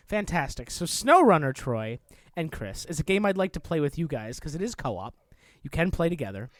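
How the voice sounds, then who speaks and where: Male podcast host, high voice, dry close sound, rambling casual gaming chat. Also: sing-song, moderate pace, dry recording. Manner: rambling, filler-heavy, playful.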